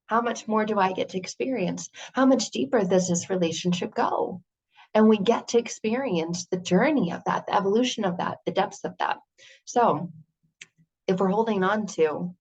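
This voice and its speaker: An earnest woman delivers a motivational talk in a mid-pitched voice, firing off rhetorical questions with lively energy. The recording sounds a little dull and lo-fi. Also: normal speed, husky. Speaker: motivational speaker.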